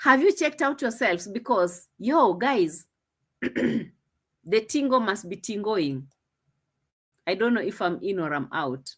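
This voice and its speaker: A woman's voice: medium pitch, expressive, slow pace, long pauses, a bit bright, husky. A woman with a Swahili accent, chatting casually as she reacts to a video, teasing and repeating herself. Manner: chatty, teasing, repeats phrases, laughs often. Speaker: reaction commentator.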